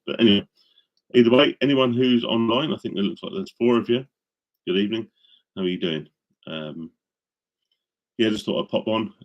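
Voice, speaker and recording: This is a low-voiced, middle-aged man on a live stream, loosely chatting with viewers. He wanders from point to point into a studio microphone, often saying um and starting over.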